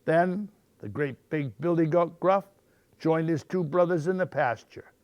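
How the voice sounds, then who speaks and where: A man reading picture books aloud at storytime, with expressive, animated storytelling. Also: a little high, a little slow, no room sound. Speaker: storytime reader.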